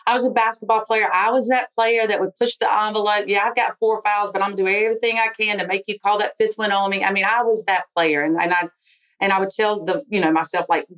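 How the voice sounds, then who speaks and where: Woman, frank, animated storyteller, interview guest. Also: medium pitch, quick pace, clear, resonant tone, low-quality recording. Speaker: interviewee, football official.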